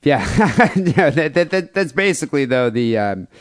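A man's voice: medium pitch, very animated, unhurried, no echo, studio quality. A man co-hosting a crude comedy podcast, joking and often restarting his sentences. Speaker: podcast co-host. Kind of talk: casual comedy chat.

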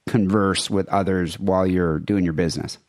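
A man's voice: low voice, fairly even intonation, normal speed, a little mellow, no room sound. A man hosting a podcast, joking and teasing his caller in casual crude chat. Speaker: podcast host.

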